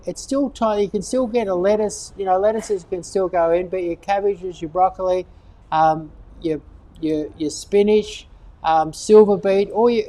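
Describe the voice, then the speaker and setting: Mellow-voiced woman gardening expert. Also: mid-range voice. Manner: rambling, repeats words while thinking. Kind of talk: casual Q&A chat.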